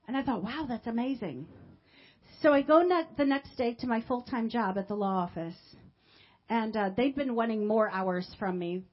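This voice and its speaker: A woman pastor telling a personal testimony in a sermon, with emotional storytelling that swings from quiet to loud. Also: on the high side, normal speed, lo-fi sound.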